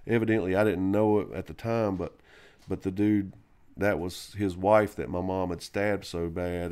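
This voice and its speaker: A man's voice: lowish voice, moderate pace, a little mellow. A man hosting a live stream, telling a long personal story in a rambling, profane way, full of fillers and restarts. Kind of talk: casual storytelling.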